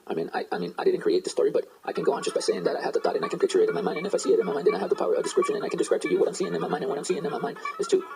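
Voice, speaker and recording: A man's voice: fairly high pitch, huge pitch swings, very fast, creaky, few pauses, noisy background. A man casually retelling a horror story, rambling with fillers and side remarks. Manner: rambling, digressive, with many fillers and asides. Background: guitar music.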